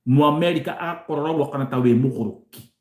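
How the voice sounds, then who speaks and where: A Kenyan host with a slightly high, darkish voice talks fast in a roomy-sounding space. His live monologue to viewers is animated, slipping between Swahili and English with plenty of repetition.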